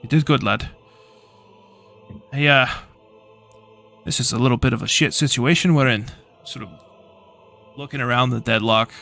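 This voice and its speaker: A man's voice: mid-range voice, fairly even intonation, normal speed, pauses often, pushed and bright, faint music behind. A man narrating a tabletop game as game master in a casual, loose way with frequent swearing. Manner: casual, swearing, hesitant fillers.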